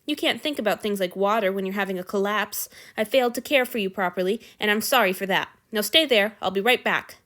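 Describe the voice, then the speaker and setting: A woman's voice: mid-range voice, a little fast, few pauses, a bit bright, lightly acted. A woman voicing a brusque but caring male god in a fan fiction reading, with a blunt, curt, exasperated way of talking.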